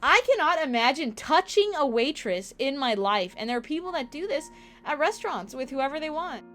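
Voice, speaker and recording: A young woman streamer telling stories in casual chat, animated and profane, acting out the people she quotes. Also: high-pitched, moderate pace.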